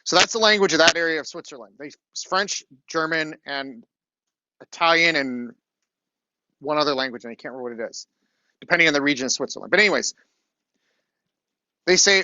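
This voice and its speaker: Chatty man lecturing, bright voice. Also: a little high, a little fast, long pauses, no echo, dull audio. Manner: chatty storytelling, frequent "okay?" check-ins. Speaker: university lecturer. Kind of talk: classroom lecture with anecdote. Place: classroom.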